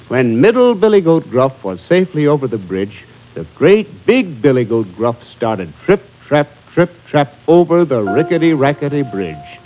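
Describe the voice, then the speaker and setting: A man's voice: medium pitch, big pitch swings, normal speed, hardly any pauses. A man telling a children's story in a playful rhythmic chant, on a dull recording with music playing.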